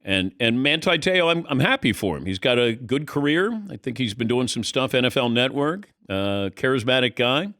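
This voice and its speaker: A middle-aged man hosts a sports talk show with a lively, rising-and-falling voice that swings widely from phrase to phrase. He tells animated stories and acts out quotes in a casual studio chat. The sound is close and dry, with no room around it. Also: mid-range voice, moderate pace, few pauses, no echo. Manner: animated storyteller, acts out quotes, laughs mid-sentence. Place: radio studio.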